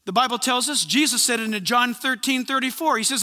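Pastor, male, very high and piercingly bright voice, animated storyteller, preaching in a hall with a long reverb tail. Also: a little fast. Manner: animated storytelling, acts out conversations. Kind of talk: sermon.

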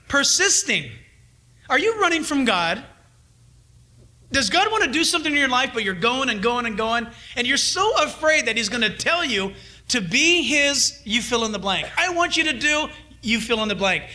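A middle-aged man preaching with lively, animated pitch that leaps up when he urges and drops low for quiet asides. His voice sits unusually high for a man. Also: measured pace. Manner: animated, swings between loud urging and hushed asides. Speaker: pastor. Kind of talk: sermon.

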